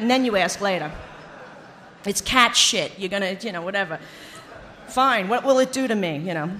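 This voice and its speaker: A woman's voice: medium pitch, fairly bright tone. Older lady sharing her recovery story, swears a lot, jokey and blunt. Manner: blunt, profane, joking, with laughs. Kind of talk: personal testimony to a meeting.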